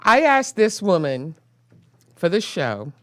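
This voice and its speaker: A woman's voice: fairly low pitch, takes it slowly, no echo. A woman hosting a talk show, bantering lightly with her guest. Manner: laughing, lively banter. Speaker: host. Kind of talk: casual chat.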